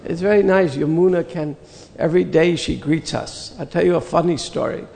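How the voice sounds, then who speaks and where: An older man telling a personal spiritual story in an earnest, reflective way, with slow pauses. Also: on the high side, vocal fry, darkish tone, big-room sound. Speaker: spiritual teacher recounting memories.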